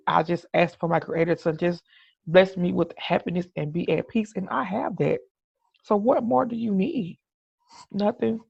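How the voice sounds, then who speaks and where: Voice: mid-range voice, creaky, no echo. A middle-aged podcast host in a candid personal monologue, talking earnestly, often restarting and saying "you know what I'm saying". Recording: dull, dry lo-fi recording.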